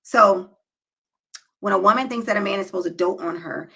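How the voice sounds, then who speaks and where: A woman's voice: mid-range voice, rapid-fire, vocal fry, fairly bright tone, slightly rough, rough recording. A woman talking straight to her viewers with relationship advice, emphatic and preachy, often checking in with "okay?" and "right?". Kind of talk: direct-to-camera advice talk.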